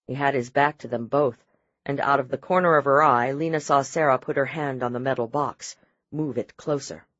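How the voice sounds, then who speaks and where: A man reading a thriller audiobook in measured, even scripted narration. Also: mid-range voice, no echo, highs cut off.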